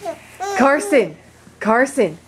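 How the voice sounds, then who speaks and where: A woman's voice: sits high, wildly swooping pitch, takes it slowly, very noisy. A mother cooing and laughing at her baby in a home video, talking to him in a playful, coaxing way. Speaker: baby's mother. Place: family home indoors. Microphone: handheld camcorder. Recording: home video with family chatter around.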